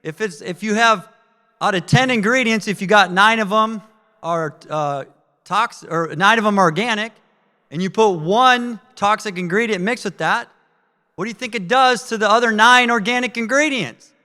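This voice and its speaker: A man giving a live sales training talk, energetic and asking the audience questions. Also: high-pitched, moderate pace, clean tone, big-room sound. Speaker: network marketing trainer. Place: training event room with audience.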